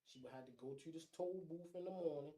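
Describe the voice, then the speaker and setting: A man's voice: fairly high pitch, quick pace, mellow, rough recording. A man co-hosting a casual podcast chat, making emphatic points and repeating them. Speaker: podcast co-host.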